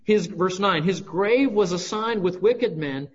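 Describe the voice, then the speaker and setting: High-voiced preacher, dull recording. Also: male voice, unhurried. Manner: teaching verse by verse with frequent "right?" asides. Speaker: pastor. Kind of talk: sermon.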